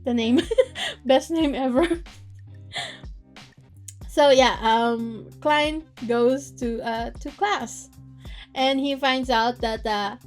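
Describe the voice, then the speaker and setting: A woman recapping a novel in casual chat, laughing often and swearing in animated asides. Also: a little high. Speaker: book reader and recap host.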